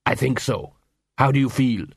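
A man's voice: mid-range voice, gravelly, husky, dry recording, studio quality. A man voicing a curious male dwarf who thinks things through aloud, read as an audiobook character. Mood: reasoning. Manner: quick-thinking, explaining, reasoning aloud.

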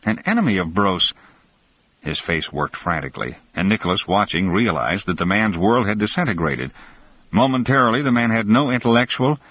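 A man narrating an audiobook as scripted narration, with a steady, expressive reading. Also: lowish voice, no echo. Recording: dull lo-fi dry recording.

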